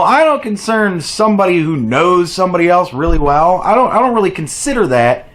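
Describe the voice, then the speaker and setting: Male host, mocking and foul-mouthed commentary, high-ish and very lively delivery. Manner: profane, mocking, animated rant. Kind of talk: sarcastic political commentary.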